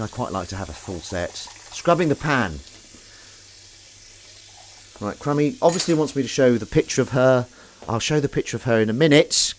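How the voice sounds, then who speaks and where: A man's voice: on the low side, a little hiss or hum. A man chatting casually while he does the washing up, rambling, jokey and self-mocking, with the odd swear word. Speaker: host doing the washing up on a live stream.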